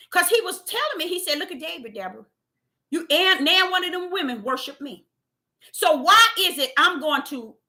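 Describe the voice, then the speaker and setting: A woman's voice: sits high, bright, forceful tone. A woman preaching a spontaneous sermon, fervent and exhorting. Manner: fervent, exhorting, retells visions in dialogue.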